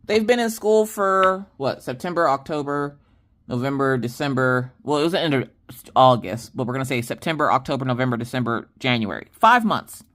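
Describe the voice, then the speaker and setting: A middle-aged woman hosting a casual chat vlog, telling stories to her viewers in an animated, exasperated way. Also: a bass voice, a little fast. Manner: animated, exasperated storytelling addressing viewers as y'all. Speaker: crafting vlog host.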